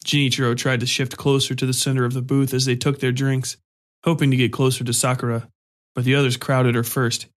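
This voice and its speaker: A man reading a story aloud in a steady, even narration. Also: mid-range voice, fairly quick.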